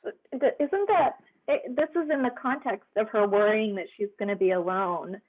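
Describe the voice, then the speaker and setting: A woman's voice: mid-range voice, normal speed. A woman joining a class discussion over a call, thinking aloud with restarts. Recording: tinny phone-like call audio.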